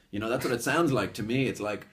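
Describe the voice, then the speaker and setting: A man's voice: medium pitch, noisy background. A man from Spain teaching English pronunciation in a casual two-person lesson, switching between English and Spanish and acting out example sounds. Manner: animated, demonstrates sounds with exaggerated examples. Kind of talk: bilingual language lesson chat.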